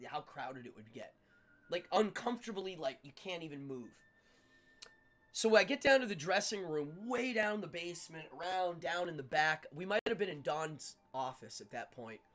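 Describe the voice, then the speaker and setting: A middle-aged man hosting a livestream, telling stories in a casual, animated way with frequent laughter. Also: a little high. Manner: animated, laughs often, acts out quotes. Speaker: livestream host. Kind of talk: casual storytelling chat.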